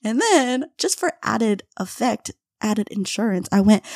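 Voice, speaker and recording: A young woman hosting a podcast, telling a casual story with frequent laughs and quick impressions of her friends. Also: medium pitch, expressive, warm tone, dry recording, studio quality. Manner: chatty, laughs often, mimics friends in quotes. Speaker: podcast host.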